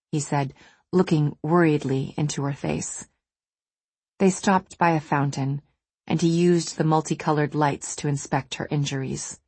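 A woman reads a novel aloud in a low, slightly husky voice with a measured, even delivery. The recording is close and dry, with no room sound at all. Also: no echo. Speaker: audiobook narrator. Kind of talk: scripted narration.

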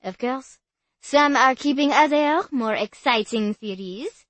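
A woman voicing a brisk French woman tour guide, with a French accent, announcing formally to a group. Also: sits high, fairly bright tone, no echo, pitched above the performer's own voice. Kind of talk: audiobook character voice.

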